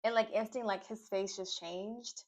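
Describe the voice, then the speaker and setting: A woman's voice: mid-range voice, steady tone, unhurried. A young woman from Nashville giving a casual, opinionated recap of a reality show, full of fillers and asides. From Nashville, Tennessee. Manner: chatty, opinionated, lots of fillers. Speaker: reality TV reviewer. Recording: slightly dull lo-fi audio.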